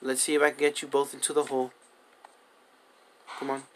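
A man's voice: mid-range voice, little pitch movement, rapid-fire, a little hiss or hum. Chatty young man narrating gameplay. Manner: chatty, coaxing animals with repeated commands. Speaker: gaming video host. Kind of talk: casual gameplay commentary.

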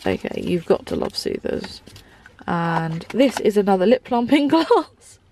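A woman's voice: medium pitch, big pitch swings, measured pace, warm tone, slight background noise. A woman vlogging from inside her car, chatting and gushing with lots of ums. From England. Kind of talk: casual car tour vlog.

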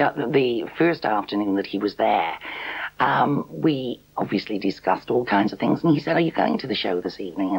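A woman from England in a documentary interview, telling a personal memory in a gentle, measured way. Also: a bass voice, creaky, slightly rough, low-quality recording. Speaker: interviewee recalling a past meeting. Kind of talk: reminiscing interview.

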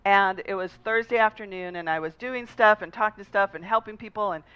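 A woman's voice: mid-range voice, a little fast, smooth. A woman pastor preaching a sermon in a conversational, storytelling manner. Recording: slightly dull lo-fi recording.

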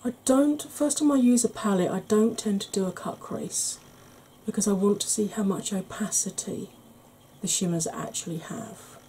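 Soft-spoken woman doing makeup. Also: mid-range voice, normal speed, slight background noise, poor audio. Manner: soft, chatty explaining with frequent throat clearing. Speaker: beauty vlogger. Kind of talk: ASMR makeup tutorial.

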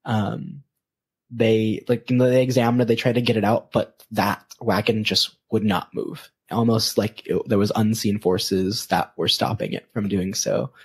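A man's voice: lowish voice, steady tone, unhurried, breathy edge. A man hosting a podcast, telling a story casually with many hesitations. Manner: hesitant, many ums and restarts. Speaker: podcast host.

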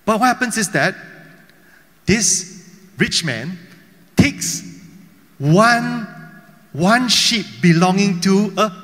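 High, bright-voiced male preacher in a reverberant hall. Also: lively intonation, takes it slowly, long pauses. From Malaysia. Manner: storytelling preacher with frequent rhetorical questions. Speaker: pastor. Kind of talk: sermon. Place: church hall.

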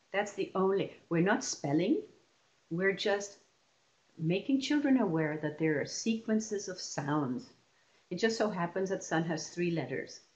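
A woman's voice: fairly low pitch, a little mellow. A woman presenting an online teacher-training session, explaining classroom methods step by step and often restarting her phrases.

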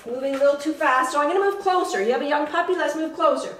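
A dog trainer gives a chatty live demonstration, explaining each step and breaking into bursts of cheery praise for a puppy. Her voice sits high, with a quick pace and fairly bright tone, in an echoey room with faint noise.

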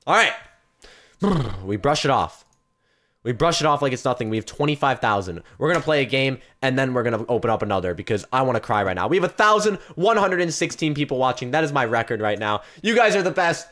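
Excitable young man streaming games. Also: mid-range voice, quick pace. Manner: excitable, swings into loud yelps and shouts; chatty, talks straight to viewers. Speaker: gaming streamer. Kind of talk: live gameplay commentary.

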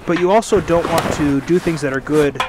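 A man's voice: on the high side, a little fast, noisy background. A man co-hosting a casual religious podcast, telling a story in a rambling way and correcting himself as he goes, sitting outdoors by a fire. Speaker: podcast co-host.

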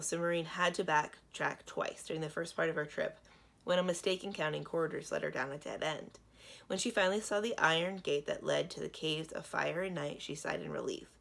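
Low-voiced woman reading a children's book. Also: creaky. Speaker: librarian reading aloud. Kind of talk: children's read-aloud narration.

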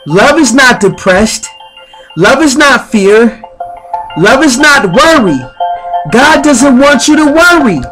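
A man leading guided spiritual affirmations in slow, repetitive, chant-like phrases. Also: high-pitched, a bit bright. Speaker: spiritual speaker.

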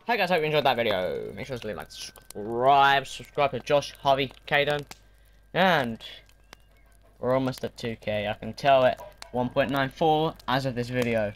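A man's voice: mid-range voice, very animated, normal speed. A young male gaming host commentating a horror game with friends, jumpy, laughing and yelping at scares. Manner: jumpy, yelps and screams, laughs a lot.

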